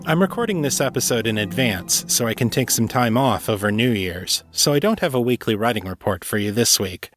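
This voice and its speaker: A man who is an author and podcast host, reading his fiction in a measured, deliberate way. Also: medium pitch, lively intonation, over music. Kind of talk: scripted fiction narration.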